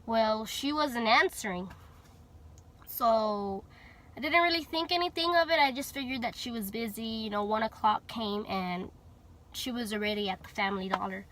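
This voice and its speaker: Bright high-voiced young woman from Texas. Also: moderate pace, slight background noise. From Houston, Texas. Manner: chatty, many fillers, acts out quoted dialogue. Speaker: vlogger telling her story. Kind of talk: casual storytelling.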